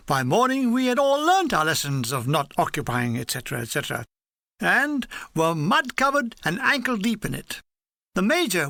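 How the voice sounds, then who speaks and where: A man narrating his own war memoir as an audiobook, with wry, comic deadpan storytelling. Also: high voice, gravelly, no room sound, studio quality. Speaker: author and narrator.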